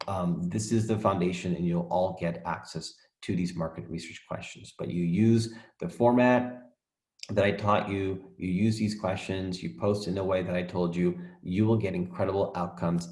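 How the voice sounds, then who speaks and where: A man's voice: deep voice, darkish tone, roomy sound. A man teaching a recorded lesson for coaches, enthusiastic, often checking in with "right?" and leaning on "literally".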